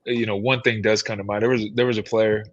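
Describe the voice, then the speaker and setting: A man with a fairly low voice tells his stories in a loose, conversational way as a podcast guest, leaning on "man" and "you know" between thoughts. The recording sounds dull and lo-fi. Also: little pitch movement, quick pace. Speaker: guest, former player working with team alumni.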